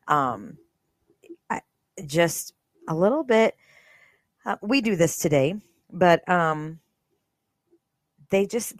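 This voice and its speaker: Woman podcaster with a low voice, reading the Bible aloud with earnest, casual commentary, recorded dry and close. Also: no room sound. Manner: earnest, conversational, many fillers. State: briefly emotional.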